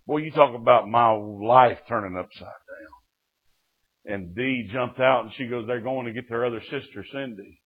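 A man preaches a folksy sermon testimony in a mid-pitched voice. He swings from loud calls of amen to hushed, confiding storytelling. The sound is thin and tinny, like a phone line. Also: a little slow, slightly rough. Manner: folksy, rising to shouts and dropping to hushed storytelling.

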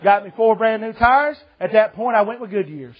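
A man's voice: high-pitched, expressive, moderate pace, husky, muffled recording. A man, preaching a folksy, joking sermon to a church congregation and calling his listeners brother. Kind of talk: humorous storytelling sermon. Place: church service.

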